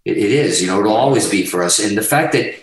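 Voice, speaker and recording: A man telling stories in casual podcast chat, profane and animated as he talks. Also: fairly low pitch, fast, echoey room, low-quality recording. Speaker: guest guitarist.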